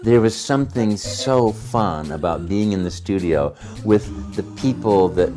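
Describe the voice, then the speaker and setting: A man's voice: lowish voice, measured pace, over music. A man from the United States, a voice actor giving an interview, telling stories animatedly, acting out quotes and often stumbling over repeated words. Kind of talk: anecdotal interview storytelling.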